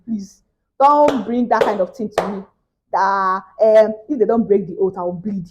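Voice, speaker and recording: A young woman with a Nigerian English accent tells a story to her viewers in a casual vlog, swinging between loud exclamations and hushed asides. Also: medium pitch, moderate pace, slight background noise. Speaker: vlogger.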